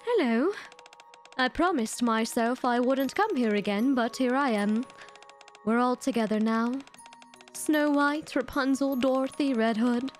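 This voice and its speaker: Woman reading as a solemn young woman at a memorial, wistful, high voice, slow pace. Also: faint music behind, lightly acted.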